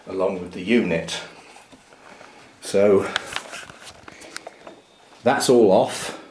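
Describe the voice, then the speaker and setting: A man with a fairly low voice talks casually as he works through a job inside a small greenhouse. He narrates each step in a chatty, unhurried way and chuckles at his own remarks. The sound comes from the handheld camera he is filming with. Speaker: orchid grower vlogger. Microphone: handheld camera mic.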